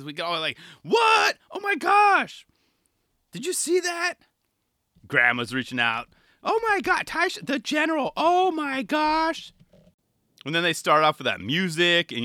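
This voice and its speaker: A man giving a jokey, rambling reaction commentary on a skateboarding video. He jumps from loud asides to quiet mumbles. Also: a little high, dry recording, clean studio sound. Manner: animated, jokey, trails off into mumbles.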